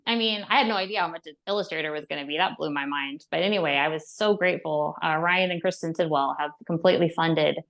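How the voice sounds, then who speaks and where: A woman with a lowish voice and a gravelly edge chats casually as a podcast guest. She is a dietitian and author who tells her stories with animated energy, laughing often and filling her talk with fillers. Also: fast, few pauses. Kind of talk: casual interview chat.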